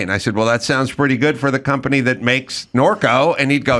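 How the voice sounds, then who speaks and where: A man's voice: medium pitch, a little fast, few pauses, a bit bright. A middle-aged man hosting a podcast, chatting casually and arguing his opinions through stories. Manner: opinionated, argumentative storytelling. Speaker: podcast host. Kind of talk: casual chat.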